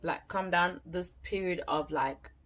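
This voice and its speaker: A woman's voice: on the low side, a little slow, a bit bright. A woman giving a casual tarot reading, chatty and slangy, swearing now and then. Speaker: tarot reader.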